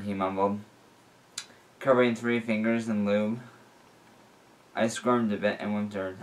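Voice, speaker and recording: A man reading a fan fiction story aloud in a plain, unhurried way. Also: on the low side, fairly even intonation. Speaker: reader.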